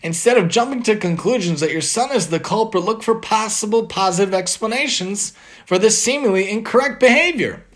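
Lively, high-voiced man teaching a moral lesson. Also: brisk. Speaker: religious teacher. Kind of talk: moral lesson and story reading.

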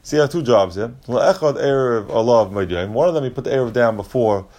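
A man's voice: medium pitch, lively intonation, fairly quick, darkish tone. A man teaching a Talmud lesson, reading Aramaic and Hebrew phrases and restating each point step by step in plain English.

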